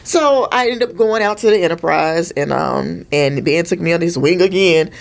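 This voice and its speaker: A middle-aged woman with a fairly low voice, chatting easily as a podcast guest about her Navy years. She talks casually, with slang, and jumps into animated impressions of the people in her stories. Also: normal speed, creaky. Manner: casual, uses everyday slang. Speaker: podcast guest, retired Navy master chief. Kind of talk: casual storytelling conversation.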